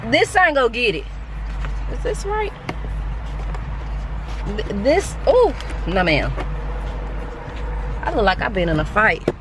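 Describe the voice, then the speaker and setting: A Texas woman with a medium-pitched voice vlogs casually, talking straight to her viewers with plenty of slang and energy while running errands and later from home.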